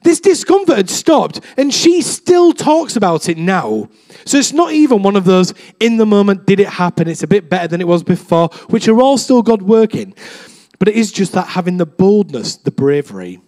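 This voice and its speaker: A man's voice: high voice, very animated, normal speed, warm tone. A young man preaching a casual sermon, chatty and self-deprecating, acting out voices as he tells stories. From England. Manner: chatty, self-deprecating, acts out quoted voices with big swings.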